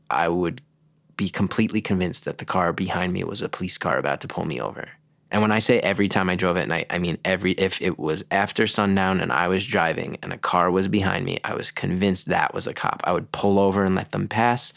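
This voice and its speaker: A man's voice: sits low, creaky, a bit bright, no echo. A man from New Jersey, a podcast guest, answering candidly and reflectively with some restarts. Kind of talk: interview answers.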